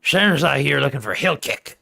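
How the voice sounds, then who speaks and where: A man voicing a gruff male camp guard with a put-on Scottish accent, speaking tersely and sardonically. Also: fairly high pitch, lively intonation, brisk, bright, forceful tone, faint music behind, full character voice.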